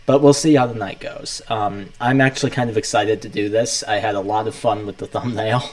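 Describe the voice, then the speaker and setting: Young man, low voice, casual livestream host, rambling, laid-back, talks through his setup. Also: fairly even intonation, a little fast, poor audio.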